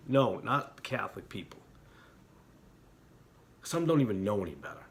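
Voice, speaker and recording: A middle-aged man talking as an internet preacher, heated and emotional in places, quiet and somber in others. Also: on the low side, sing-song, normal speed, pauses often, a little hiss or hum. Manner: heated, talks with rising emotion and repeated apologies; quiet and somber when reflecting. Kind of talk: impassioned religious commentary.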